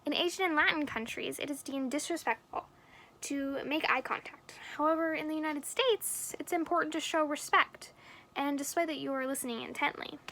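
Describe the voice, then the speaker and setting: Bright high-voiced young woman lecturing. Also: normal speed, slight background noise. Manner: earnest, explanatory, stresses key words. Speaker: student presenter. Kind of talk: class mini-lecture.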